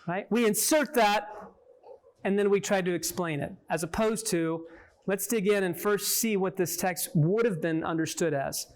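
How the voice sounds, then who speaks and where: This Bible teacher, whose voice sits rather high, speaks at a moderate pace while guiding a small group through a lesson. It's a back-and-forth conversation: he keeps asking "right?" and questioning his listeners as he moves along.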